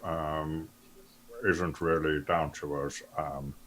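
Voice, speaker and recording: A man plays a tabletop game in character with a very deep voice. He talks slowly and hesitantly, stopping for an um again and again. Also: level tone, a bit bright. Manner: hesitant, full of ums. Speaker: player.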